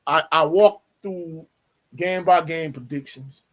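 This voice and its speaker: A man hosting a sports livestream, reading chat comments aloud and answering with brash, animated trash talk. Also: fairly high pitch, slow pace. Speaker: sports show host reading live chat.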